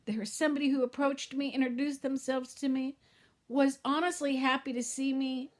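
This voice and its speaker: A woman's voice: high voice, fairly even intonation, moderate pace. A middle-aged woman vlogging to camera in a heartfelt, rambling way that often trails off and restarts. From Southern California. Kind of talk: casual talk to camera.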